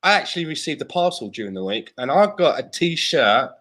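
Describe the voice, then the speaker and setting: A man's voice: on the high side, very animated, a little fast, a bit bright. A man on a football fan podcast, joking around and swearing freely. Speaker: podcast panelist. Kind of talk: casual banter.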